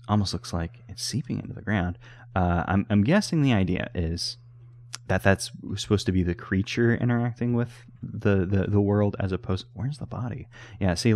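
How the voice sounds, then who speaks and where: Low-voiced man rambling through gameplay commentary. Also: a little mellow, no echo. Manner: rambling, self-correcting, wry. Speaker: let's play host.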